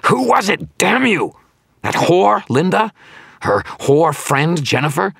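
A man's voice: fast, fairly bright tone, slightly rough, no echo, studio quality, exaggerated voice. A man voicing a frantic, vicious black wizard villain who screams and snarls. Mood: screaming. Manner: screaming, snarling, high and strained.

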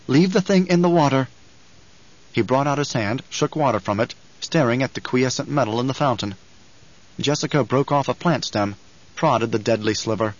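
A man narrates a novel in an even, measured way, at a middling pitch. The recording has a dull, lo-fi sound. His reading stays steady throughout. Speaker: audiobook narrator. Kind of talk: scripted narration.

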